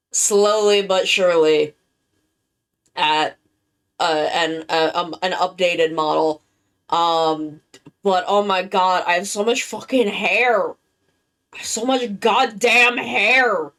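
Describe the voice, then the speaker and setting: A worn-out woman chatting casually with her live-stream viewers, halting and rambling as she recovers from being sick. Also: mid-range voice, fairly bright tone. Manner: rambling, halting, with many restarts. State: worn-out and tired, recovering from illness.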